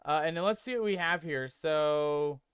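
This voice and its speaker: A man's voice: a little high, normal speed, a bit bright, smooth, dry recording, studio quality. A man streaming a game, chatting casually and playfully with viewers he calls mateys while reading chat aloud. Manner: reads chat aloud and tests text-to-speech voices.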